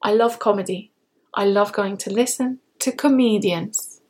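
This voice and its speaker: British woman, podcast English teacher, clear slow delivery, mid-pitched, repeats key words. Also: very noisy. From Britain.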